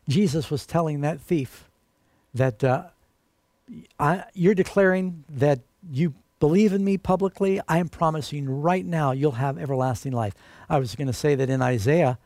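A man's voice: fairly high pitch, dark tone, dry recording. A man preaching a sermon in an earnest, emphatic way and calling his listeners friends.

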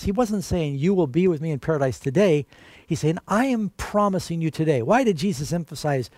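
An earnest man preaches a sermon, pressing each point with emphasis and calling his listeners friends. His voice sits a bit high for a man. It is recorded close and dry, with no room sound. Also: lively intonation, normal speed, darkish tone, no echo.

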